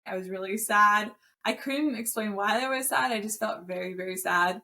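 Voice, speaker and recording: A woman's voice: mid-range voice, normal speed, pushed and bright. A woman co-hosting a podcast, speaking openly and candidly as she tells a personal story. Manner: open and candid, telling personal stories. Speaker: podcast co-host.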